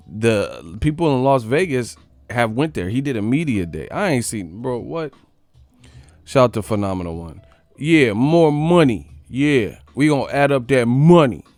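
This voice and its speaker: A man's voice: medium pitch, darkish tone, no echo. A man hosting a boxing live stream, rambling in casual slang and laughing often as he talks to his chat. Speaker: boxing channel host.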